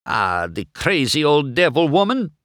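A man voicing an excitable, grouchy Italian male car with an exaggerated Italian accent in a storybook reading. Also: a little high, a little slow, dry recording, studio quality, voice pushed up, full character voice. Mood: excited. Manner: exclamatory, mock Italian accent.

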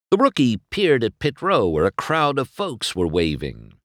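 A man reading a storybook aloud as narrator, with expressive, unhurried storytelling. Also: mid-range voice, dry recording, clean studio sound.

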